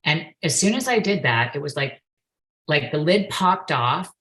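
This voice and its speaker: Woman in her 40s with a low voice on a podcast, earnest and emotional, slips into her old panicked self sometimes. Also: expressive, unhurried, a bit bright, poor audio. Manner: earnest and emotional, acts out her own past outbursts. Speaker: guest, perception facilitator and yoga instructor. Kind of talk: podcast interview, personal storytelling.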